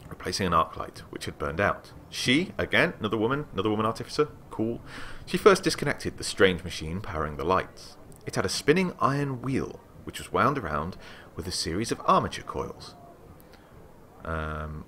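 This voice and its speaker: Male let's play host, deep, bright-edged, animated reader. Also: brisk, a little hiss or hum. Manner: excitable, animated, reads aloud with asides. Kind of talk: let's play commentary and reading game text.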